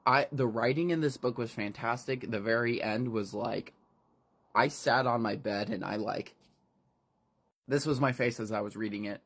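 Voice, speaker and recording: A man's voice: mid-range voice, normal speed, fairly bright tone. A man casually recapping a horror novel, rambling and swearing freely between fillers. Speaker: book reviewer.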